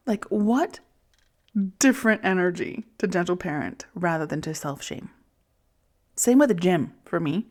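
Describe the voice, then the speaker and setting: A woman in her forties hosting a reflective self-help podcast, talking softly and often in a whisper, soothing herself. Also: on the low side, lively intonation, measured pace, pauses often. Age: 40s. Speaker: podcast host.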